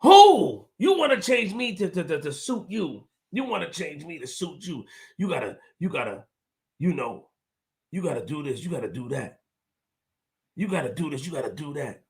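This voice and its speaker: Loud, animated man ranting on a livestream. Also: a little high, normal speed, vocal fry. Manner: swings from muttering to shouting; repetitive, emphatic. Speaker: show host. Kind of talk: livestream rant to viewers.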